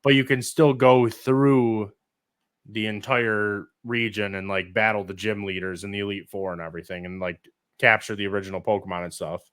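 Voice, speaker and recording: A man's voice: lowish voice, fairly even intonation, moderate pace, a bit bright, clear, resonant tone. A man co-hosting a casual gaming podcast, rambling with fillers and swearing.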